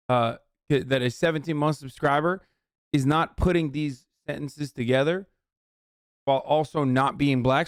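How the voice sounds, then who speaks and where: A man's voice: on the high side, dry recording, clean studio sound. A man streaming a reaction video, ranting profanely at his chat.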